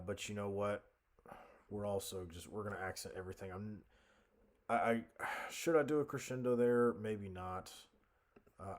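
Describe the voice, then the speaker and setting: A young man narrating a casual music-writing tutorial, thinking aloud at his computer with many fillers and self-corrections. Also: sits low. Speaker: music composition instructor.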